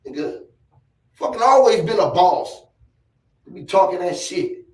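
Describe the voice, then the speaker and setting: A man's voice: high voice, lively intonation, normal speed, darkish tone, far from the mic. A man ranting to camera in a vlog, boastful, profane and rambling, with heavy emphasis. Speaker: vlogger. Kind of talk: casual rant to camera. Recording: roomy echo, off-mic.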